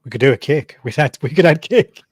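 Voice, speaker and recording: A man's voice: fairly high pitch, lively intonation, brisk, slightly rough, no room sound. Dry-witted male co-host. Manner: dry wisecracks, trails off quietly. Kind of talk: casual chat.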